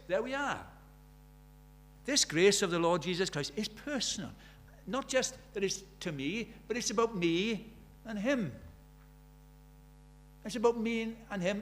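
High-voiced man preaching a lively sermon. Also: moderate pace. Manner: animated, swinging between loud emphatic lines and quiet asides.

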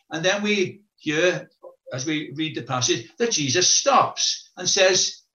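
A man's voice: on the high side, expressive, slow pace, bright, forceful tone. A man preaching a sermon, telling stories and acting out the quoted voices, with questions repeated to the listeners. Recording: echoey room, dull lo-fi sound.

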